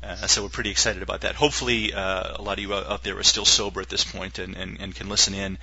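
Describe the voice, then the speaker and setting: A man's voice: sits low, flat delivery, quick pace, gravelly, sharp tone, husky, no room sound, lo-fi sound. A man hosting a casual sports podcast, rambling and joking with lots of fillers. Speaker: podcast host.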